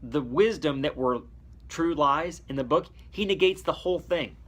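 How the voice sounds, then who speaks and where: A man preaching a devotional sermon, reading verses aloud and then explaining them in a conversational way, moving between emphatic lines and low, quiet asides. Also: moderate pace. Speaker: pastor.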